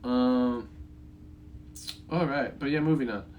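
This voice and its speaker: A man's voice: mid-range voice, takes it slowly, phone-quality sound, a little hiss or hum. A young man with a voice in the middle of the usual range runs through his notes on a film. He rambles, swears freely, and breaks off to chuckle at his own points. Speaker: movie reviewer. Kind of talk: casual spoken movie review.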